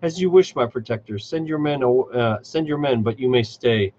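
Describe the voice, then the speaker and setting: A man's voice: mid-range voice, normal speed, a little mellow, dull audio, a little hiss or hum, natural voice. Imperious forest witch queen, as a man puts her on. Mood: gracious. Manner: cold, imperious delivery. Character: powerful forest witch queen, regal and ruthless.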